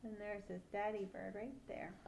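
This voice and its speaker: An older woman, a great-aunt, reading a picture book aloud to children in an animated, playful way, pausing to ask questions. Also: mid-range voice, creaky, slight background noise.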